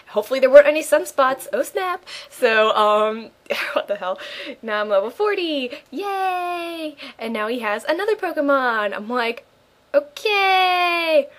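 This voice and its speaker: A young woman giving casual, rambling gameplay commentary with sarcastic asides, giggles and plenty of ums. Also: a little high. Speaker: let's play commentator.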